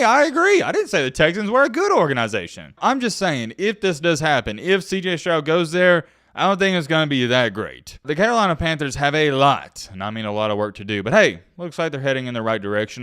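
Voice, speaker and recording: A young man giving his opinions in a casual sports vlog, emphatic and animated, with frequent asides. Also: mid-range voice, no room sound, clean studio sound. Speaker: sports commentator vlogger.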